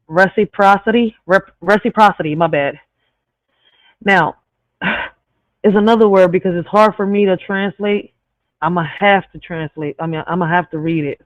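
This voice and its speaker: Speaking in a lowish voice with an accent, a female channel host talks casually to her viewers, cursing freely and tripping over words before fixing them. The audio has no echo and sounds tinny and dry, phone-like.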